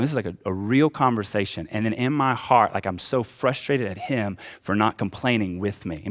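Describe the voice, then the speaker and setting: A young man with a low voice preaches in a church, pushing his lines up with fervor. Between the peaks he slips into a loose, conversational storytelling tone. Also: normal speed, few pauses. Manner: impassioned, rising and falling preaching with casual asides. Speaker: pastor. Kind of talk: sermon. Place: church auditorium.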